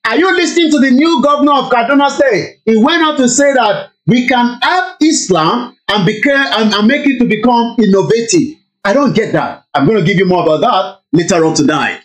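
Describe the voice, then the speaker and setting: A woman's voice: on the high side, animated, fairly quick, hardly any pauses, low-quality recording. A Nigerian woman hosting a radio talk show, chatting with listeners, exclaiming and slipping into pidgin. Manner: laughs often, exclaims, mixes in pidgin. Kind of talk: lively radio commentary with listener shout-outs.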